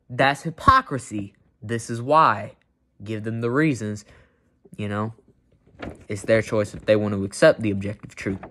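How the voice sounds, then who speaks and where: A man's voice: fairly low pitch, a little hiss or hum. A man reading Bible verses aloud and commenting on them bluntly and emphatically, with many "you know" fillers.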